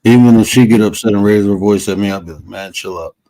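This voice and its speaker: Deep-voiced man talking bluntly. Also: steady tone, fast, warm tone, poor audio. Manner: emphatic, blunt, slangy. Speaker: podcast co-host. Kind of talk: casual podcast chat.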